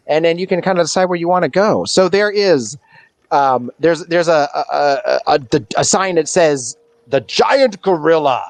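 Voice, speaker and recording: A man's voice: fairly high pitch, dry recording. A young man narrating a tabletop game as game master, rambling with many fillers and restarts.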